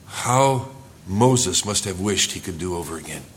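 A male pastor preaching a sermon in church, earnest, rising for emphasis and dropping low and quiet. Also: animated, measured pace, slight background noise.

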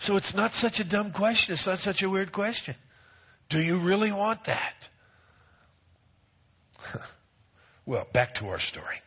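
A man's voice: high voice, lively intonation, a little slow, long pauses, a bit bright, slightly rough. A middle-aged man pastor preaching a sermon, emphatic, repeating phrases and acting out quoted voices. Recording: dull lo-fi recording.

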